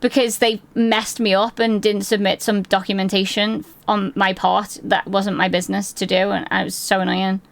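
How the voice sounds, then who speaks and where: This woman in her twenties speaks from home at a moderate pace in a mid-range, gravelly voice with little pitch movement, hardly any pauses, and no echo. Her stream is casual chat read aloud, peppered with swearing, self-deprecating jokes, and easy laughter.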